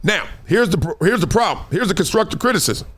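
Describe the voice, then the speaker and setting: High-voiced, animated sports talk host. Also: male voice, fast, slightly rough. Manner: animated, slangy, acts out quoted people.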